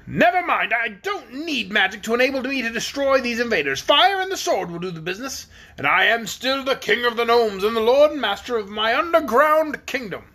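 A man's voice: very high-pitched, expressive, normal speed, voice pushed up, full character voice. A man voicing a cowardly old gnome king from a storybook, blustering and defiant. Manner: shouting, defiant swagger.

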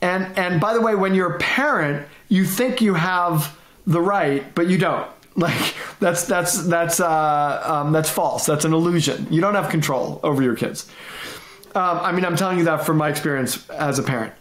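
A man's voice: fairly high pitch, normal speed. Middle-aged guy chatting on a podcast, acts out little quotes, laughs a lot, kinda echoey. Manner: animated, repeats and restarts, laughs often, acts out quotes. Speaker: guest, management consultant and author. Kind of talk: conversational interview storytelling.

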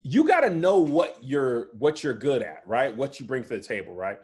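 A man in his thirties, a comedian guest, in casual podcast chat, telling stories in a lively way. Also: mid-range voice, moderate pace. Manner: animated storytelling, often says "you know what I'm saying".

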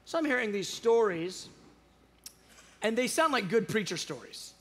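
High-voiced man telling a testimony. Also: normal speed. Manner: animated storyteller, acts out dialogue, restarts often. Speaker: guest speaker on prayer show. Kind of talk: storytelling testimony, casual chat.

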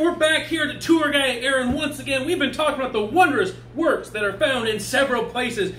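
A man's voice: very high-pitched, fairly quick, hardly any pauses, sharp tone, echoey room. A man teaching a kids church lesson in an upbeat, emphatic tour-guide style.

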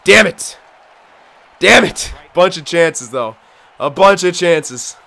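A young man talks through his video game as he plays it, excitable and quick to get frustrated. His voice sits a little high and bright. It swings widely as he yells and swears at the game. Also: gravelly. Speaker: gaming video host. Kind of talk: live gameplay commentary.

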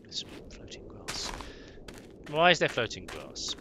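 A man giving relaxed commentary while playing a survival game, wondering aloud and breaking into excited outbursts. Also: medium pitch, unhurried, noisy background. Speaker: gaming YouTuber. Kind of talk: Minecraft let's play commentary.

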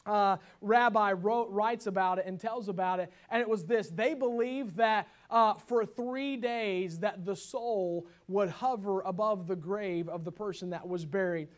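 A man preaching a sermon as pastor, swinging from loud exclamations to hushed, tender passages and reading scripture in old biblical wording. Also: sits high, a little slow, hardly any pauses.

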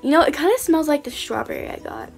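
A young woman unboxing squishies in a casual vlog, gushing and excitable, full of "like" and "oh my god". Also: high-pitched, fast, vocal fry, faint music behind. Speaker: vlogger.

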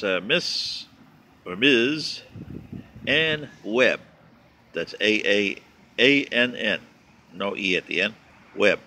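A man's voice: on the low side, pushed and bright, slight background noise. A man giving a sarcastic, mocking political commentary, reading and answering viewer letters.

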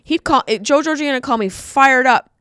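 Animated comedic woman podcast host. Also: sits high, fairly quick, clear, resonant tone, dry recording, clean studio sound. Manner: animated storytelling, jokey asides. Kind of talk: comedic monologue.

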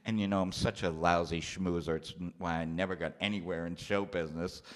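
A man in his fifties, a comedian telling stories in a studio chat and acting out the people in them. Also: brisk. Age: 50s. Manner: animated, acts out characters in a high loud voice. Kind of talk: stand-up storytelling chat. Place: TV studio with live audience.

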